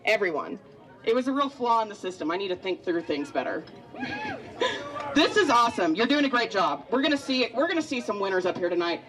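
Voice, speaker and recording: A woman's voice: medium pitch, big pitch swings, quick pace, fairly bright tone, rough recording. A woman emceeing a live eating contest on a handheld mic, bubbly and joking as she chats with contestants. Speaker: event emcee. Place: busy restaurant event.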